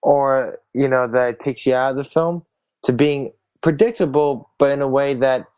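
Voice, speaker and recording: Man, podcast co-host, casual, conversational, mid-pitched. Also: moderate pace, a little mellow, clean tone. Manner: casual, agreeing and adding to his co-host.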